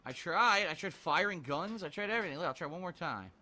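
Man gaming commentary, bright tone, animated pitch, frustrated muttering, swearing. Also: fast talker, a little hiss or hum. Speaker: let's play gamer. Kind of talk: live gameplay commentary.

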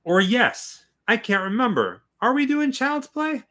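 Bright-voiced man co-hosting a livestream. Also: very high-pitched, very animated. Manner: halting, restarts often, reads chat aloud. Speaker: co-host of a livestream watch party. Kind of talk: casual livestream chat.

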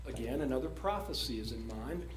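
A man's voice: medium pitch, lively intonation, brisk. A man preaching a sermon as pastor, reading scripture and stressing points emphatically. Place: church sanctuary. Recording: echoey church room.

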